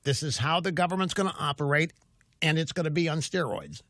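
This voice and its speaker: Older male talk radio host: bright, dry studio sound, combative, full of rhetorical questions. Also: on the high side, brisk, no echo. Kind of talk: political talk radio monologue. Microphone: studio mic.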